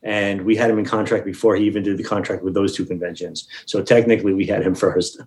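A man with a fairly low voice talks casually about his work running conventions. He sounds confident and matter-of-fact. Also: steady tone, fast, a little mellow, low-quality recording. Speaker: convention organizer. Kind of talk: casual chat.

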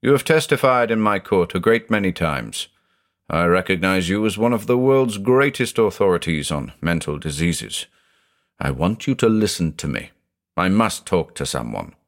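A deep-voiced man doing a haunted old judge. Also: very animated, normal speed. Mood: grave. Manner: intense, growling, confessional. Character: haunted, obsessive older male judge, brooding.

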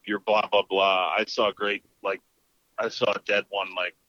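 A man's voice: fairly low pitch, moderate pace, dry recording, highs cut off. A man in casual talk, telling a story with energy and acting out both sides of a quarrel. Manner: animated, acts out both sides of the exchange.

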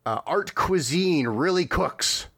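A man's voice: fairly high pitch, animated, slow, a bit bright, husky, no echo, clean studio sound. A man co-hosting a podcast in casual chat, describing a video clip in a wry, chuckling way with frequent fillers. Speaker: podcast co-host.

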